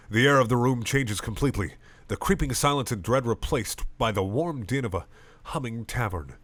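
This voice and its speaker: A man reading a comedic parody story aloud with lively comic narration. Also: mid-range voice, normal speed, no room sound. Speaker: reader.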